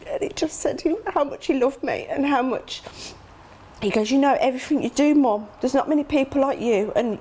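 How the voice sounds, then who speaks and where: A middle-aged woman talks openly and emotionally as an interview guest. She tells her memories quickly, acting out remembered conversations, and her voice jumps high when she gasps. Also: warm tone, slight background noise. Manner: emotional, acts out quoted dialogue with sudden high gasps. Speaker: interview guest, grieving mother.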